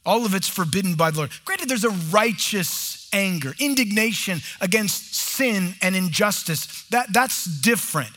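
Brief: middle-aged man, pastor mid-sermon, high and lively, breaks into quick acted-out exchanges. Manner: animated preaching, acting out short dialogues. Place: church.

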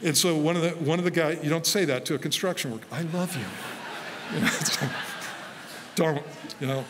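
A man, a pastor, preaching a sermon to a congregation in a relaxed, conversational way, telling stories from his own life and quoting himself. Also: fairly high pitch, fairly quick, in a large hall, noisy background. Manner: conversational, storytelling with self-quoted asides. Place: church sanctuary before a congregation.

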